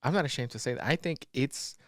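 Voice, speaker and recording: A man co-hosting a casual podcast, talking in a loose, rambling way full of fillers and swearing. His voice sits at an average pitch. It sounds dry and close to the mic. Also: quick pace, no room sound. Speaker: podcast co-host. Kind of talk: casual chat.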